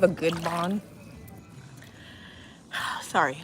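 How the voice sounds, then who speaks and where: Low-voiced woman in her fifties chatting. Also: expressive, measured pace, soft background music. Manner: rambling, chatty storytelling with many fillers. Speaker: vlogger. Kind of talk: casual chat to viewers. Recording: loud cricket noise behind voice. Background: crickets and insects chirping.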